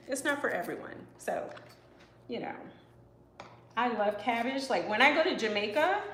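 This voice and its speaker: A woman's voice: medium pitch, reverberant, slight background noise, low-quality recording. A woman chef chatting casually with live viewers while she cooks, rambling with lots of "you know" and "like" and answering comments as they come. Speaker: professional chef and live-stream host. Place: home kitchen.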